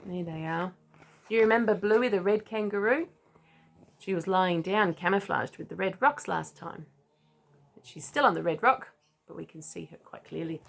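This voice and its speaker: A woman reading a children's picture book aloud, stopping for gentle asides to the child listening. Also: on the low side, moderate pace, creaky. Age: older. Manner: gentle asides, chuckling often. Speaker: storybook reader.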